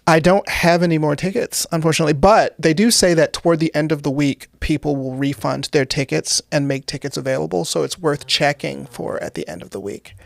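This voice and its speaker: A young woman with a gravelly, fry-edged voice talks in a casual interview. She delivers dark jokes deadpan and chuckles at them. The sound is dry and close, with no room. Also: sits low, fairly quick, few pauses, no room sound. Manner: deadpan, dark humor, laughs at own jokes. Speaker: guest comedian.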